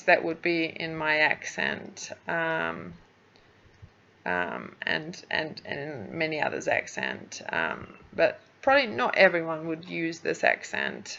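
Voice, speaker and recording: A woman whose first language is Spanish, teaching English and giving feedback on a student's speaking task. She has a lowish, gravelly voice with a bright edge, and she patiently sounds words out syllable by syllable. The recording is dull and lo-fi. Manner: patient, explains pronunciation slowly, sounding words out.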